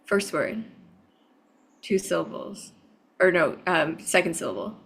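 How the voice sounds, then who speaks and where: A woman improviser guessing words in a game, slow and deliberate, on a video call. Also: lowish voice, animated, creaky, fairly bright tone.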